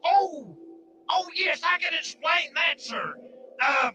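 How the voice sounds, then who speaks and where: A high, piercingly bright mechanical lackey who bullies a human and grovels before his master. He talks slowly and pompously in 1940s radio comedy style. A thin line of music sits faintly behind him. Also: very animated, dull audio, exaggerated voice. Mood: fawning. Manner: blustering, bossy toward the human, fawning toward his master. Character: scheming mechanical servant of a god, male.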